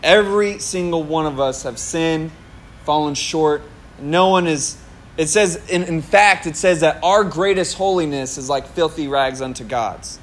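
A man's voice: fairly high pitch, measured pace, a little hiss or hum. A male pastor preaching a sermon, telling a personal story with laughter and acted-out quotes. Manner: animated, laughing at himself, acts out his own past words.

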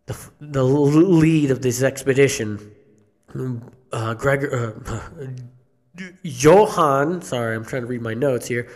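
A man telling a horror story live on a theater stage, slow and halting, with restarts and the odd cough. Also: mid-range voice, a little mellow. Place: theater stage before an audience.

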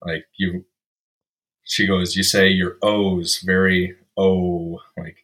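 A very deep-voiced man from Iowa hosts the interview in a relaxed way. He chimes in with short, easy acknowledgments as he listens and shares brief stories. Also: takes it slowly. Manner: laid-back, short backchannels like "yep". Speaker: podcast host. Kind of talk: casual interview.

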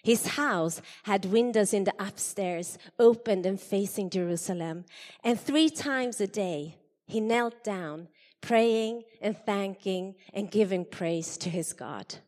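A woman giving an expressive Bible reading to a church congregation, her voice rising for the quoted speakers. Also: mid-range voice. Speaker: scripture reader. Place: church hall. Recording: long hall reverb.

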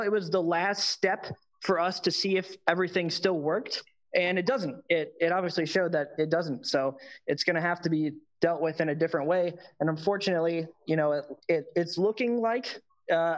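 Halting man joining the call. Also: high-pitched, muffled recording. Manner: apologetic and halting, with many fillers. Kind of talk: casual political chat.

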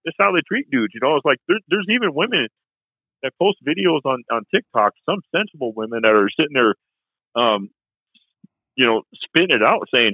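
A man's voice: medium pitch, sing-song, a little fast, no room sound. A man chatting on a podcast, rambling and repeating "you know" a lot. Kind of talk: casual podcast chat. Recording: tinny phone-like line.

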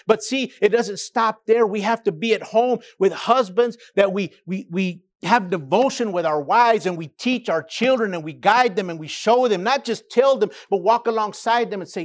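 High-voiced man preaching. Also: normal speed, hardly any pauses. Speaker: pastor. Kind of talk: sermon.

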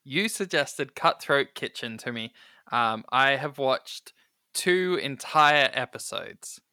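Bright-voiced male podcast co-host. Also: medium pitch, animated, takes it slowly, dry recording, studio quality. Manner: chatty, filler-heavy, amused. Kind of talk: casual chat.

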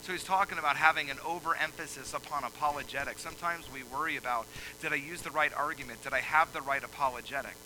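A man preaches a sermon in a voice pitched a little high. He moves between quiet, steady teaching and loud, emphatic preaching. A clear hum of background noise runs under him. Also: fast talker, hardly any pauses, poor audio. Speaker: pastor.

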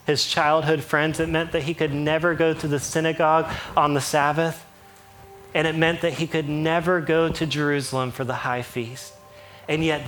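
A man preaching a sermon in an animated way, with playful asides and acted-out quotes. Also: on the high side. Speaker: pastor.

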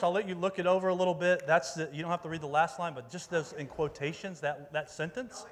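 A male youth pastor gives a casual sermon, upbeat and chatty, and he keeps rallying the crowd. His voice sits a little higher than most men's. It rings out with the long reverb of a large meeting hall. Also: fairly even intonation, fast, few pauses. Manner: upbeat, rallies the audience, calls out for volunteers. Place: church meeting room with an audience.

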